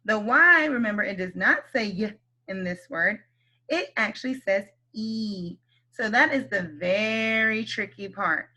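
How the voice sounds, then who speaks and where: A woman teaching a kindergarten phonics lesson, speaking slowly and clearly, encouraging the children and stretching out letter sounds. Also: a little high, sharp tone.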